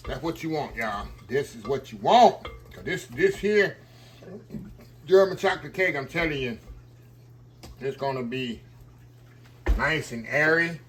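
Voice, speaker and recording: Guy cooking in his kitchen, folksy and chatty, bright voice, faint clatter of dishes. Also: a little high, animated, unhurried, long pauses, a little hiss or hum. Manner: folksy, keeps addressing viewers as y'all. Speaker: cooking show host. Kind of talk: casual cooking demonstration.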